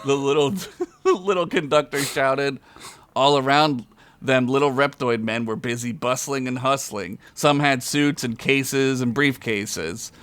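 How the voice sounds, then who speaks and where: Male storyteller, average pitch, dry close sound, reads comic fantasy and laughs along. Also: measured pace, smooth, no echo. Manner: reads aloud with frequent chuckles, loud high character voices. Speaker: podcast storyteller. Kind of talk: comedic fantasy story reading.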